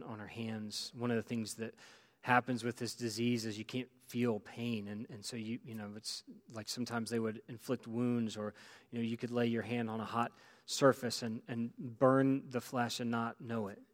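A man preaching a sermon as pastor, telling a story with many restarts and drops to near-quiet. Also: mid-range voice, level tone, moderate pace.

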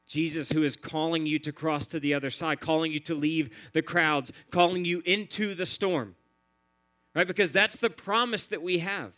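A man's voice: fairly high pitch, fairly even intonation, normal speed, fairly bright tone. A man preaching a sermon in an earnest, repetitive cadence, building phrase on phrase. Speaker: pastor.

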